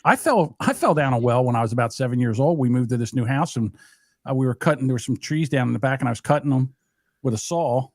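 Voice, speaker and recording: A man co-hosting a casual livestream podcast, telling animated stories and jumping high for quoted voices. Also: fast, no echo, clean studio sound. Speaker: podcast co-host.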